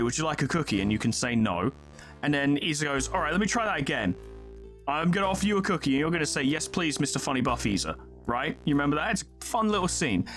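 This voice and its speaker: A man gives casual let's play commentary, his voice sitting a little higher than most men's. He rambles, corrects himself and apologizes as he goes, with faint music underneath. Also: fairly bright tone. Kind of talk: casual video game commentary.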